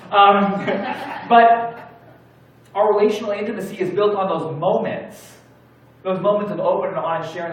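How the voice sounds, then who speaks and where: A man preaching a sermon in a church, telling stories in a relaxed, conversational way. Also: a little high. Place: church sanctuary. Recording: very echoey church hall from far off.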